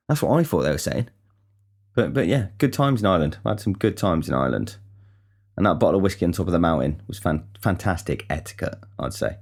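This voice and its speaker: A man's voice: sits low, big pitch swings, brisk, a little mellow. A young man from the talks. He rambles through casual stories, swears freely and stumbles into frequent restarts. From England. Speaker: podcast host. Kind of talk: casual storytelling monologue.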